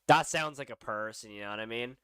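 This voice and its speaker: Speaking a little fast in a bright, forceful, clear and resonant mid-range voice, a man hosts a casual live horror reaction stream. The studio sound is clean with no echo, and this horror channel host thinks aloud, rambles and repeats phrases.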